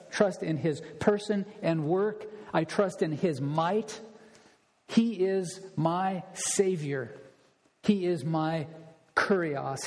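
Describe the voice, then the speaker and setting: A man's voice: on the high side, a little mellow, big-room sound. A man preaching an expository sermon as a pastor, emphatic and stressing his points through repetition.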